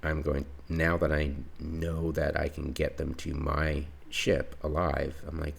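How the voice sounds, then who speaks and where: Deep gravelly man voicing game commentary. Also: unhurried, few pauses. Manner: exasperated, narrates his own reactions. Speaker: gameplay commentator.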